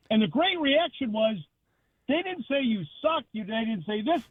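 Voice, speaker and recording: A man's voice: very high-pitched, animated, moderate pace. A man calling in to a sports radio show, animatedly telling a tailgate story. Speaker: caller. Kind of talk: phoning in to talk radio. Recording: phone line.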